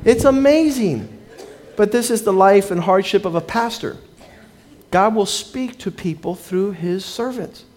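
A pastor preaching in a notably high voice for a man. He tells his stories with life and puts on the voices of the people in them, moving between quiet asides and louder punchlines. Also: unhurried. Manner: storytelling, acting out the people he quotes. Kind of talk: sermon.

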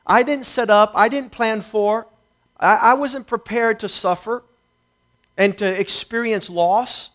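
A middle-aged man with a notably high voice delivers a sermon as a personal testimony. He moves from hushed, reflective stretches to louder, emphatic bursts as he tells his story. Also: slow pace. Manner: storytelling testimony, rising and falling intensity. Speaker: preacher.

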